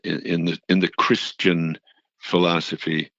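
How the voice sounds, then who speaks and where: An older man speaking as an interview guest, halting as he searches for words. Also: sits low, flat delivery, fairly bright tone, dry recording, dull audio. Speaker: actor and activist guest. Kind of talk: interview conversation.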